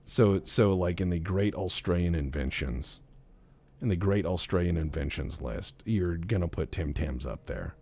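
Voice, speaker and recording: A man's voice: low-pitched, moderate pace, vocal fry, dark tone, breathy edge. A man hosting a casual gaming stream, rambling and joking, swearing freely and restarting his sentences. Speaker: streamer host.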